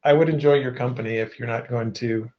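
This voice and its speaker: Male player, halting speech, muffled lo-fi recording. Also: mid-range voice, steady tone. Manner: hesitant, stammering restarts. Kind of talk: tabletop game play. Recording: slightly dull lo-fi audio.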